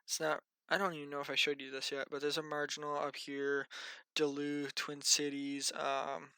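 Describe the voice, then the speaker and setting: Bright, crisp-voiced tired man rambling. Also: on the high side, monotone, normal speed, dry recording. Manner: rambling, thinks aloud, mutters to himself. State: tired, yawning. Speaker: amateur weather vlogger. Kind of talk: casual rambling weather briefing.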